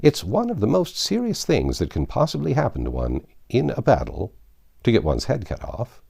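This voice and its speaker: A man voicing a smug, contrary boy twin in a storybook reading, prim and squeaky. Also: wildly swooping pitch, moderate pace, vocal fry, a little mellow, slightly rough, heavily acted. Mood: grave.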